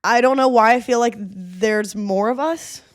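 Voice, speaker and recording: A woman's voice: a little high, measured pace, no echo, clean studio sound. A woman co-hosting a podcast in casual chat, rambling and self-deprecating and laughing often. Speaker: podcast co-host.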